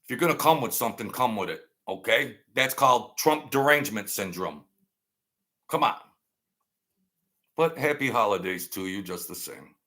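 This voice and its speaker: A man's voice: on the low side, lively intonation, moderate pace, long pauses, pushed and bright. A man hosting his own channel, delivering combative, sarcastic political commentary and repeating lines for emphasis.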